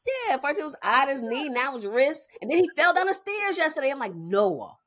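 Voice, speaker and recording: Animated woman telling stories with laughter. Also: high-pitched, a little fast. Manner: animated storytelling, frequent laughter. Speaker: podcast cohost. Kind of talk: casual chat.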